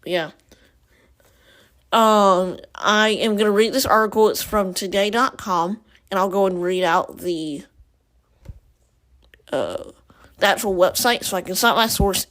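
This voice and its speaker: A woman hosting a casual podcast, thinking out loud with rambling asides. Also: mid-range voice, normal speed, long pauses. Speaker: podcast host. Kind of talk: casual chat.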